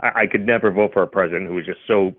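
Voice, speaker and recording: A man in his forties calling in, telling an odd story in a deadpan, hesitant way. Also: sits low, rapid-fire, dry recording. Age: 40s. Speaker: caller. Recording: tinny phone line, dry.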